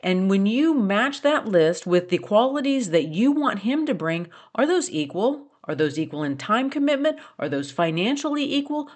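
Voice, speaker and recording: A woman's voice: mid-range voice, very animated, normal speed, few pauses, darkish tone. A middle-aged woman hosting a solo podcast, talking earnestly and challenging listeners with pointed questions. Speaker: podcast host. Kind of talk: reflective solo podcast talk.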